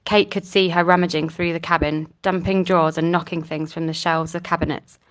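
This audiobook narrator, a woman whose voice sits on the low side, works through a novel chapter from a script. Her reading stays even and measured throughout.

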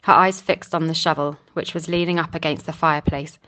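A woman narrating a novel chapter in a steady, measured reading. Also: low voice. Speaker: audiobook narrator. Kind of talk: scripted narration.

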